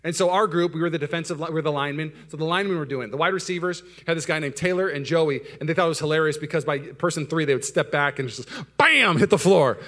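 A young man preaching at a quick clip, his voice sitting a bit high for a man. He tells stories about himself with a joking, self-mocking edge, one moment loud and animated, the next dropped low and quiet. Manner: storytelling, self-mocking, swings from loud excitement to soft and low. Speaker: pastor. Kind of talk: sermon.

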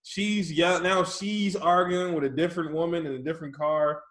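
A man in casual chat, telling an animated, profane story and laughing often. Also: fairly high pitch, moderate pace, reverberant. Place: his office.

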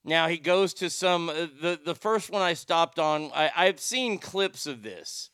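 A man's voice: fairly high pitch, animated, measured pace, a bit bright, clean tone, no room sound, clean studio sound. A man hosting a livestream, chatting casually and reading viewer comments in a rambling, profane way. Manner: rambling and profane, with frequent restarts.

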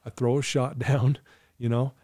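A middle-aged man recounts his life story with open, earnest candor, sometimes choked with emotion. His tone is mellow and warm, recorded close in a dry, dead space. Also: medium pitch, little pitch movement, normal speed, dry recording. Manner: earnest, candid, storytelling with quoted inner thoughts. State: emotional, clearing his throat. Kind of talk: emotional personal testimony.

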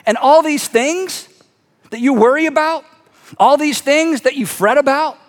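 A man voicing a patient male teacher who urges his followers to serve, earnest and gently insistent. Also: extremely high pitch, measured pace, pitched above the performer's own voice. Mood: reassuring. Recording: long reverb of a large hall.

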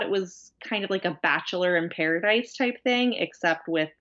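Animated woman telling a story, lo-fi. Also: lowish voice, moderate pace, few pauses. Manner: animated storyteller, laughing, many fillers. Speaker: podcast co-host. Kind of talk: casual chat. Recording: dull lo-fi sound.

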